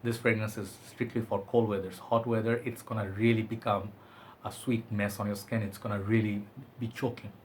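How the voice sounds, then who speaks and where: A man's voice: lowish voice, little pitch movement, normal speed, a little hiss or hum. A man giving a chatty, enthusiastic product review, often hedging with "I think". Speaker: fragrance reviewer.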